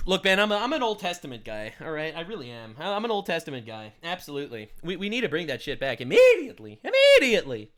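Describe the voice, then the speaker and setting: A man's voice: fairly high pitch, big pitch swings, a little fast. A man doing sarcastic, emphatic reaction commentary as a streamer. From United States. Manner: loud, sarcastic, emphatic interjections. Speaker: streamer reacting to a political video.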